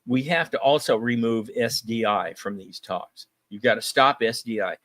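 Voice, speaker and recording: A man voicing a flustered, demanding older male world leader who pleads in a hurried way. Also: medium pitch, fairly bright tone, no echo, close to an everyday voice.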